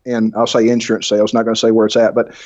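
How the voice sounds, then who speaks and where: A man with a deep, thick Alabama accent, chatting fast and laughing often as a podcast guest. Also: completely flat delivery, darkish tone, no echo, lo-fi sound. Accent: Southern US, Alabama. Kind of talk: casual chat.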